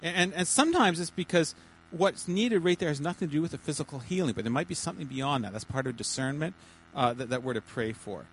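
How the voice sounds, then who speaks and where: A man's voice: fairly high pitch, lively intonation, fast, a bit bright, low-quality recording. A man leading informal teaching for a small church group, his slightly light voice stumbling through restarts and repeated words. He keeps it chatty with jokey asides. A faint hum sits in the background.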